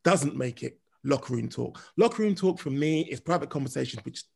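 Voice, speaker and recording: A man in a casual podcast discussion, laying out his point in a measured, reasoned way. His voice is gravelly with a husky edge. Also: medium pitch, animated, darkish tone. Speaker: podcast co-host.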